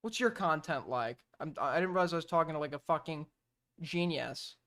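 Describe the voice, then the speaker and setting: A man's voice: on the high side, a little fast, fairly bright tone. Tired, foul-mouthed male streamer. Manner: profane, exasperated and rambling. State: sleep-deprived and tired. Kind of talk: casual reaction stream.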